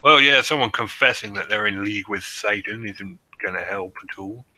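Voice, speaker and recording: A man's voice: on the low side, moderate pace, noisy background. A man co-hosting a podcast, reading out history notes and joking between the facts. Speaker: podcast co-host presenting research. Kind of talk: casual chat reading notes.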